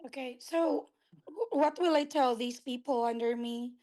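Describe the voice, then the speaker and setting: A woman's voice: sits high, measured pace, dark tone. A woman from California who is losing her voice asks worried questions over a video call. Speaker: caller with a question.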